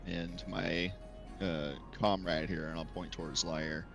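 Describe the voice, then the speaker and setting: A man playing a tabletop game, speaking in character in an earnest, measured, pleading way. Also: deep voice, fairly even intonation, creaky, music in the background. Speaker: player. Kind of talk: in-character tabletop role-play.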